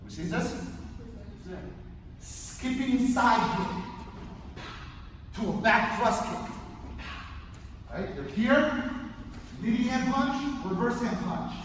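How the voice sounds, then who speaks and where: A young man with a very high voice coaches a martial arts class, calling out drills and punctuating them with sharp shouts. He is picked up from across a large, echoing indoor hall with a long reverb tail and a clear layer of background noise. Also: slow, pauses often. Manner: energetic, barking counts and kiai shouts, joking asides. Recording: echoey hall, mic far off, noisy.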